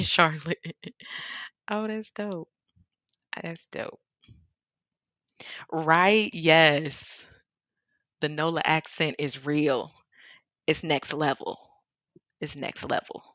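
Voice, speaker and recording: Chatty Chicago-accented woman, low and dry. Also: takes it slowly, long pauses, a bit bright, no echo. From American Midwest. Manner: chatty, reads out viewer comments, laughs often. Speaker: artist livestream host. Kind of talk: casual livestream chat while painting. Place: home studio in Seattle.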